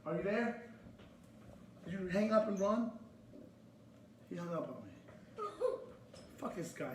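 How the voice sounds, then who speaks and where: A man with a fairly high voice rants at a store over the phone, aggressive and profane, repeating himself again and again. The recording sounds roomy and echoey. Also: lively intonation, takes it slowly, pauses often, background noise. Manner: aggressive, repeats demands, swears. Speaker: customer complaining to a store. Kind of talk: heated phone argument.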